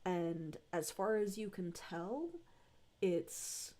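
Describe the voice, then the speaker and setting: Low-voiced woman narrating as game master. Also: fairly even intonation, dark tone. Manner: descriptive, unhurried with frequent fillers.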